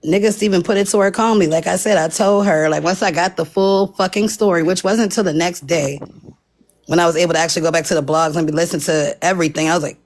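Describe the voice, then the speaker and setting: A woman recounting events in casual livestream chat, profane and animated, acting out what others said. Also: lowish voice, fast. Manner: animated, profane storytelling full of quoted dialogue.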